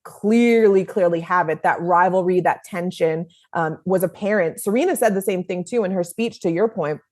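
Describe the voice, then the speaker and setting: A woman's voice: on the low side, moderate pace, darkish tone. A woman co-hosting a sports podcast, chatting casually and emphatically, laughing and swearing now and then. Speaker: podcast co-host. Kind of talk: casual chat.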